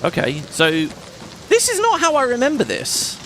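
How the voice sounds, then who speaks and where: A man's voice: very high voice, huge pitch swings, normal speed, bright, forceful tone, slight background noise. A man hosting a let's play, chatting casually and rambling as he thinks aloud and laughs often while he plays. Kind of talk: casual gameplay commentary.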